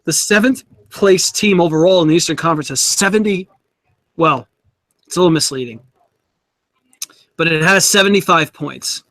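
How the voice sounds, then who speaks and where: A man co-hosting a casual sports podcast, talking in a halting way with frequent restarts. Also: fairly high pitch, fairly bright tone, no room sound. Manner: halting, restarts words often. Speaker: podcast co-host.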